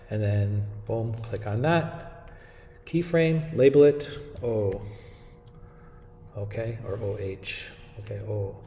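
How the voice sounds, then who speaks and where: A man with a lowish, mellow voice talks through an animation tutorial step by step, often pausing to ask "okay?". His voice carries a roomy echo with a long tail, and a faint hum of room ambience sits behind it. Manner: relaxed step-by-step explaining with frequent "okay?" checks. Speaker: animation instructor. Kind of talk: screen-recorded software tutorial.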